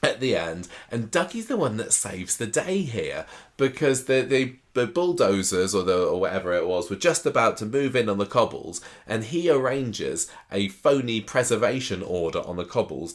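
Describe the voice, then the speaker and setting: A man, chatting casually as a podcast host, animated and laughing often. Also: fairly low pitch, moderate pace. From southern England. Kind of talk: casual chat recapping a soap opera.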